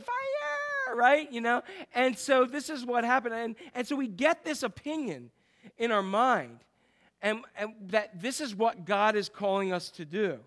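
A man preaching a conversational sermon, asking the congregation questions and now and then shouting out an imitation of street preachers. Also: sits high. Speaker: pastor.

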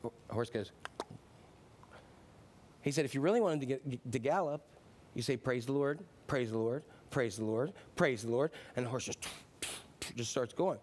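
A man preaching a sermon as pastor, telling a joke with lively character voices. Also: mid-range voice, normal speed, pauses often, slight background noise. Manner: animated storyteller, voices characters.

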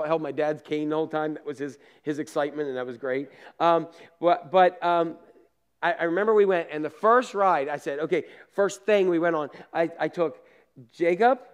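A man preaching with a high-pitched voice, who turns his sermon into lively family stories and acts out every scene. He keeps checking in with the congregation through casual asides and laughs at his own jokes. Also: smooth. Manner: animated storyteller, acts out scenes and laughs at himself. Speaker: pastor.

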